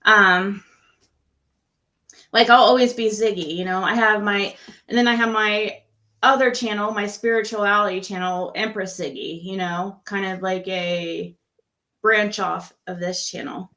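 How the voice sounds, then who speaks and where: A bright, forceful-sounding woman in her sixties hosting a relaxed late-night livestream. She chats easily and laughs often, with a voice that sits in a middle range. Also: medium pitch, a little slow. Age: 60s. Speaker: livestream host. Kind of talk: casual late-night chat.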